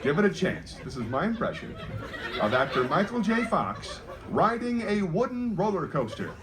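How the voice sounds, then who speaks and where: A man doing a fast, jokey stand-up comedy routine and bantering with the audience. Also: high-pitched, big pitch swings. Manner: quick, jokey, banters with the crowd. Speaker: comedian host. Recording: live show with loud crowd noise. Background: loud crowd laughing.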